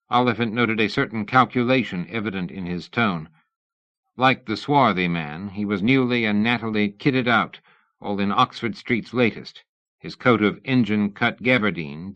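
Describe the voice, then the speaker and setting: Bright-toned male audiobook narrator. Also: fairly low pitch, no room sound. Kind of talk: scripted narration. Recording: dull lo-fi dry studio audio.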